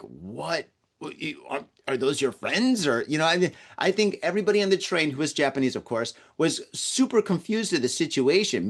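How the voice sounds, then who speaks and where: Male podcast host with a fairly high voice, rambling casual anecdote, stumbles and repeats himself. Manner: rambling, repeats words, acts out quoted voices. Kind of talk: casual storytelling monologue. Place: lives in Tokyo.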